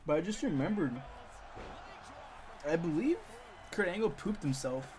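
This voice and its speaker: A man's voice: a little high, lively intonation, measured pace, darkish tone, a little hiss or hum. A young man casually telling a funny school story on a live stream, rambling with lots of repeats and chuckles.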